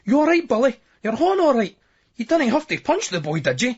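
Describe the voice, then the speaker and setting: A worried bouncer, as a man puts him on, loud and high-pitched with a husky edge. He fires off anxious questions. The sound is dull and lo-fi. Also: sing-song, fairly quick, heavily acted. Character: worried male nightclub bouncer.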